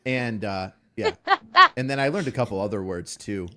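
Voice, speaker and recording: A former drill sergeant telling army stories in an animated way, acting out the orders he barked. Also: fairly low pitch, moderate pace. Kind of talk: animated storytelling on a stream.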